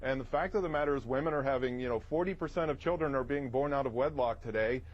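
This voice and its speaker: A man's voice: medium pitch, fast, muffled recording. Combative man arguing on a TV panel. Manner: combative, talks over others, rattles off statistics. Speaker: opinionated TV panel guest. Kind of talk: heated TV debate.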